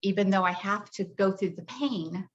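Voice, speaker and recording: A middle-aged woman, a grief coach, talking in a soft, heartfelt way with many hesitations in a podcast interview. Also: medium pitch, normal speed. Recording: dull lo-fi audio.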